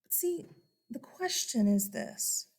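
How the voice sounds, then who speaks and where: A woman's voice: sits high, expressive, slow pace, darkish tone. A woman teaching a history lesson in a casual, chatty way, asking rhetorical questions and calling her listeners guys. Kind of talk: casual classroom lecture.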